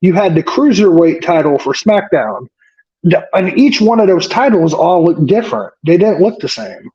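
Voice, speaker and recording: A man's voice: high-pitched, very animated, normal speed, mellow, slightly rough, muffled recording. A man co-hosting a wrestling podcast, recapping the show in casual chat and rambling with lots of fillers and swearing.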